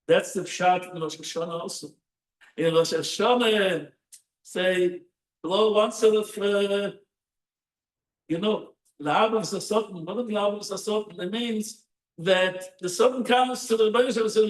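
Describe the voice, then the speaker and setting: Echoing distant high-voiced rabbi. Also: male voice, moderate pace. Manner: animated storytelling with rhetorical questions. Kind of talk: Torah sermon. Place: synagogue hall. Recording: roomy echo, distant mic.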